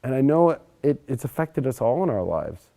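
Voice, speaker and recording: Young adult man, astrology presenter, casual live monologue, animated, profane, emphatic. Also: medium pitch, moderate pace, gravelly.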